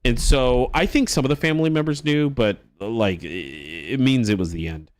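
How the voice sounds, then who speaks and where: A male streamer chats to his viewers, telling a long personal anecdote in a loose, rambling way. His voice sits in a middle pitch, and he stumbles over restarts and swears freely as he goes. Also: normal speed, no room sound. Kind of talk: casual storytelling chat to a live stream.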